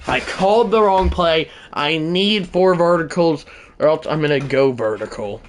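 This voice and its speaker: A livestreamer giving play-by-play of a football video game, swinging from mumbled asides to shouted sportscaster-style calls. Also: mid-range voice, animated, normal speed, a little hiss or hum. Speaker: gaming livestreamer.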